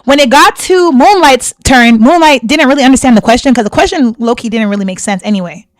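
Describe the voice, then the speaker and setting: A woman's voice: high-pitched, a little fast, no echo. A woman hosting a reaction video, giving heated commentary in a confrontational, indignant way and repeating her points for emphasis. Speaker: reaction channel host.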